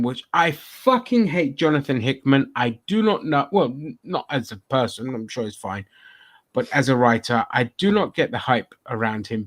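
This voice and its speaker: A man with an ordinary mid-pitched voice hosts a loose open-forum chat. He swears freely and rants bluntly, piling up complaints in long runs of casual talk. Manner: profane, blunt ranting. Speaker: podcast host.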